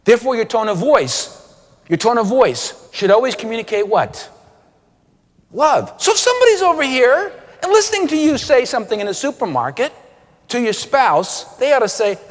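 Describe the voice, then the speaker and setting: A man preaching a sermon with animated delivery, acting out quoted voices and drawing out key words. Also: very high-pitched, moderate pace, big-room sound.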